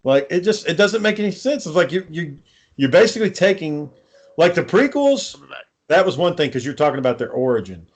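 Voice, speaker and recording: A man's voice: fairly high pitch, very animated, a little fast. A man co-hosting a casual podcast chat, ranting with lots of swearing and sarcasm. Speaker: podcast co-host.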